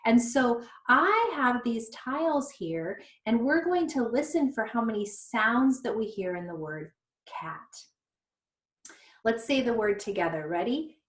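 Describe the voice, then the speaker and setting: Slow, patient woman teaching phonics. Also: a little high, lively intonation. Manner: slow, patient, sounds out letters one by one. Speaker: reading intervention teacher. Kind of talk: recorded phonics lesson for young children. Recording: echoey room.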